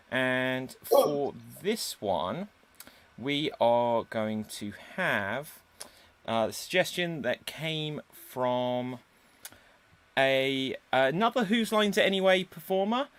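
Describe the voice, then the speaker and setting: Man, improv host, upbeat, reading out suggestions, video call, medium pitch. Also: very animated, takes it slowly, fairly bright tone, smooth. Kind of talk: live improv show hosting.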